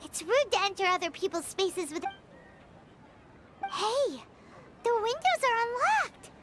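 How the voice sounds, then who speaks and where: A woman's voice: very high voice, big pitch swings, unhurried, background noise, exaggerated voice. A woman voicing a tiny, chatty floating companion sprite in a video game, who talks about herself by name. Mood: lively. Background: game music.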